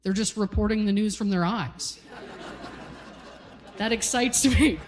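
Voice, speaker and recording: On a comedy stage with a live audience, a woman in her forties from Calgary, Canada tells punchy, self-deprecating stories in a medium-pitched, unhurried voice. The live hall gives long reverb, and there's slight background noise.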